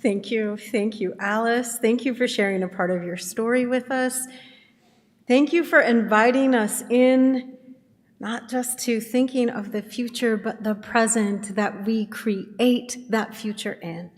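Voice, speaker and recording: Slow-speaking woman leading worship. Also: a little high, steady tone. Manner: gentle, deliberate and grateful. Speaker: worship leader. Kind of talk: spoken reading in a church service. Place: church sanctuary. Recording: long reverb in a church hall.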